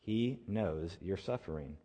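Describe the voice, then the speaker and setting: A man preaching a sermon as a pastor, building to emphatic peaks and then dropping to quiet, slow phrase endings. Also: low-pitched, lively intonation. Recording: long reverb of a large hall.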